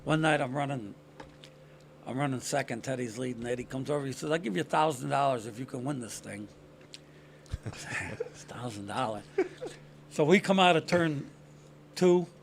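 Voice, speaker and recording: An older man, a podcast guest telling racing stories in a casual, animated way, acting out quotes in a raised voice. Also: medium pitch, vocal fry, slight background noise. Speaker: podcast guest, retired race car driver. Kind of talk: casual storytelling interview.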